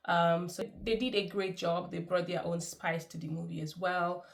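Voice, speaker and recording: A woman's voice: fairly low pitch, steady tone, normal speed, gravelly. A woman giving a chatty, effusive film review, laughing often. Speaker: movie reviewer. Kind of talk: casual movie review.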